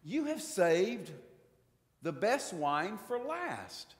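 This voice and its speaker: A high, loud, exclaiming head waiter, put on by a preacher mid-sermon. He gushes over the wine with a French flair. A long church echo trails behind. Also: very animated, drawn-out words, heavily acted. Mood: impressed.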